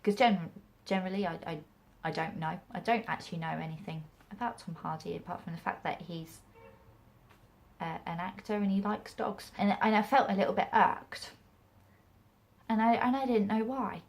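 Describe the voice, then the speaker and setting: A woman's voice: medium pitch, moderate pace, vocal fry. A young English woman with a mixed regional accent, chatting casually to camera about acting, rambling with restarts. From England. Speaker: acting vlogger.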